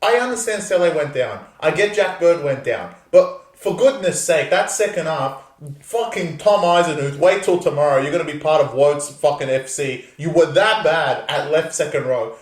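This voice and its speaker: A man's voice: fairly high pitch, lively intonation, moderate pace. A man co-hosting a sports podcast, ranting with heavy sarcasm and swearing. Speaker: podcast co-host. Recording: roomy echo, set back from the mic.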